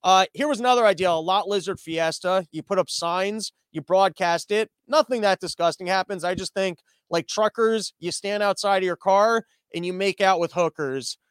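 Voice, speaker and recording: A man hosts a comedy podcast, riffing sarcastically and often restarting his sentences. His voice sits high and sounds clean and resonant. The recording is dry, with almost no room sound. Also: normal speed, few pauses, clean tone, no echo. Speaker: podcast host. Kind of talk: comedic commentary on a livestreamed podcast. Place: small room that is not soundproofed.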